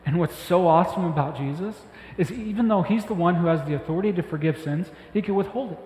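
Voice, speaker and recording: A man preaching a sermon as pastor, talking emphatically with excited bursts that drop back to a soft voice. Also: high voice, quick pace. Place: church hall. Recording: echoey hall with faint ambience.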